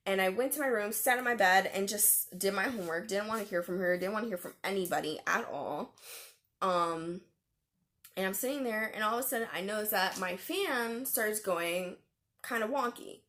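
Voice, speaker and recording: A young woman tells a personal story to the camera in a casual vlog style. She is animated and dramatic, with fillers and quick laughs. Her voice sits in a middle pitch. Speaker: vlogger.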